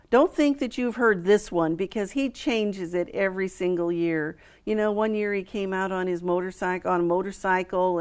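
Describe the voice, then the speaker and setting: A middle-aged woman with an American accent chats about a show she runs, her pitch sitting in the middle range. She talks eagerly, stacking details with frequent fillers and little restarts. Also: smooth. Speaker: quilt show executive director. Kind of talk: relaxed interview chat.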